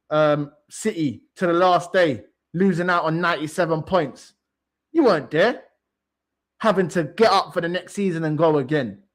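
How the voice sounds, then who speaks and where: Man, high-pitched, emphatic, repetitive, swearing, casual football rant. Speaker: co-host of football talk show.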